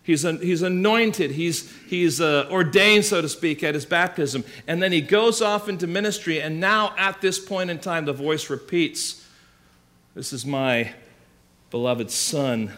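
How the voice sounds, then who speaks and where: Man preaching a sermon, rather high. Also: normal speed, a bit bright. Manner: emphatic teaching with rhetorical questions. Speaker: pastor.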